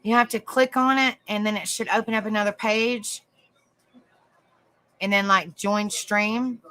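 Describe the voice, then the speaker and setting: Bright-voiced woman hosting a livestream. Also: medium pitch, fairly even intonation, a little slow, low-quality recording. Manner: calls people honey and darling. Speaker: livestream host. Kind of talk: casual livestream talk.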